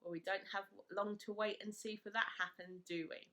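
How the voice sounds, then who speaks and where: A woman chatting to camera, recapping a reality show and retelling it with animated quotes. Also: a little fast. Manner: animated retelling, voices quotes in a high excited pitch. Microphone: camera mic, speaking to camera.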